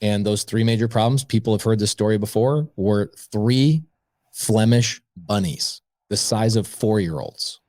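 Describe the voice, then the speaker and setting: A man, a podcast guest, telling a story in a casual, lively way and acting out the dialogue. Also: on the low side, measured pace, no echo, studio quality. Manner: lively anecdote-telling, acts out quoted dialogue; conversational, frequent "like" and "I go".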